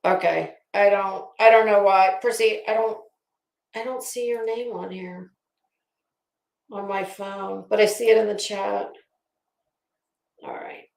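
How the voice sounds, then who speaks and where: A woman's voice: mid-range voice, steady tone, unhurried, creaky, pauses often, darkish tone, echoey room. A woman hosting a casual livestream, talking straight to her chat in a chatty, opinionated way. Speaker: livestream commentary host. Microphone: phone.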